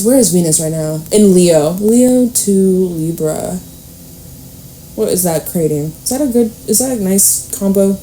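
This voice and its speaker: Mellow-voiced woman giving a tarot reading. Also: on the low side. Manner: chatty, blunt and playful, with some swearing. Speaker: tarot reader. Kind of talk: casual tarot reading for viewers.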